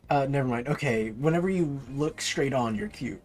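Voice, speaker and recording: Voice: mid-range voice, expressive, moderate pace, a little mellow, soft background music. A streamer chatting playfully through a live game session, reacting to what happens on screen.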